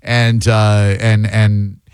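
A man hosting a talk radio show, bantering with callers and cracking quick jokes. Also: on the low side, level tone, background noise. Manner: quick, wisecracking. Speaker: radio host. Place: radio studio. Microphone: studio mic.

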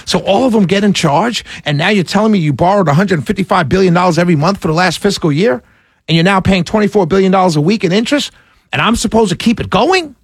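A man rants on his political talk radio show, passionate and quick to raise his voice, with sarcastic asides. His voice sits very high with a gravelly edge. The sound is dry and close, with the studio mic right in front of him. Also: lively intonation, no room sound.

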